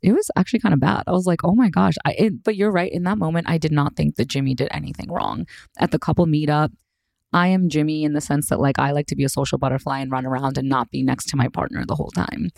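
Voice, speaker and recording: Low, mellow-voiced woman co-host. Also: fast talker, vocal fry, no echo, studio quality. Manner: animated, filler-heavy. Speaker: podcast co-host. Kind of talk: casual recap chat.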